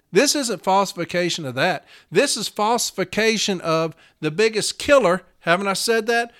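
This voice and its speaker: A man's voice: sits high, fairly bright tone. A man, hosting his podcast in an angry, profane solo rant. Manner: furious, profane, fiery. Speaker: podcast host.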